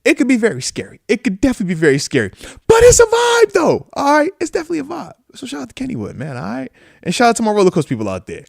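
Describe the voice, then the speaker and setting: A man's voice: sits high, very fast, vocal fry, slightly rough, no room sound, studio quality. A man in his thirties from the United States hosting a live show, chatting casually in slang and reacting to viewer comments. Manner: animated, slangy, shouts out viewers, breaks into screams when acting out riders. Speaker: podcast host, retired football player. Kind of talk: casual live-stream chat reading comments.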